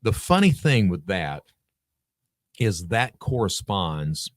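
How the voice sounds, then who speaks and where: A man's voice: deep voice, slow pace, no echo, clean studio sound. A man guest on a podcast, telling a story casually, acting out the dialogue and swearing freely. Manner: animated, acts out quoted dialogue, swears freely.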